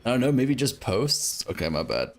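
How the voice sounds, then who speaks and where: A man's voice: medium pitch, sing-song, moderate pace. An American man streaming a game, chatting casually with his viewers in a rambling way, full of fillers, swearing and laughter. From United States. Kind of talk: casual livestream chat with viewers.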